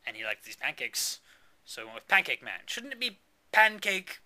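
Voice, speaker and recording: Bright-voiced rambling young man. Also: fairly high pitch, sing-song, normal speed. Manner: rambling, self-interrupting, argues with himself. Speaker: storyteller. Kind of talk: improvised comic storytelling.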